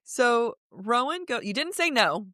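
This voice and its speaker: A woman co-hosting a book podcast in casual chat, animated and laughing often as she talks through passages. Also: a little high, a little slow, no echo, clean studio sound. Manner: animated, laughs often, reads quotes aloud. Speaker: podcast co-host.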